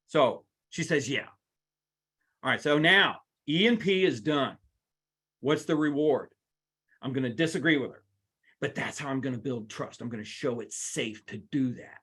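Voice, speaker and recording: A man's voice: a little high, expressive, measured pace, pauses often, a bit bright, husky. A man teaching a live workplace seminar, talking straight to the audience with playful asides. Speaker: workplace trainer.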